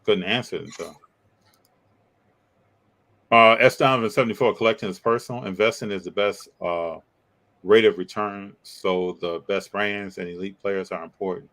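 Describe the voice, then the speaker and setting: A man co-hosting a casual live stream and reacting to viewer comments about basketball, with a teasing, animated delivery. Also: moderate pace, poor audio. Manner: animated, teasing, pitch jumps up when joking. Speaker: co-host reading live chat.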